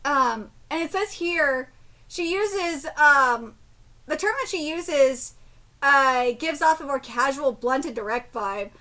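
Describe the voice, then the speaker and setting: A woman reacts to manga on a live stream, reading translated lines in a hushed voice and then shrieking, laughing and swearing casually. Her voice sits high with lively intonation, and she takes her time.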